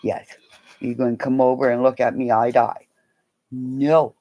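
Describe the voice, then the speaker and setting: An older woman chatting casually on a livestream, telling rambling stories and now and then whispering softly to her dog. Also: a bass voice, little pitch movement, moderate pace, low-quality recording. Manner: rambling storytelling, swings between loud exclamations and soft whispers to her dog.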